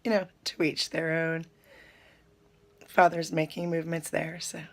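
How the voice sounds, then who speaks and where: A woman, chatting to her viewers in an animated, storytelling way while sipping coffee. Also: sits low, a little slow, pauses often. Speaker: spiritual vlogger. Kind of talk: casual spiritual talk to viewers.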